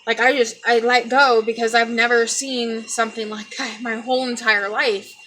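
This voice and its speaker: Tearful young woman, halting and bright. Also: a little high, level tone, a little hiss or hum. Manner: halting, repeats herself, addresses viewers as people. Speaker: vlogger. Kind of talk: emotional personal storytelling.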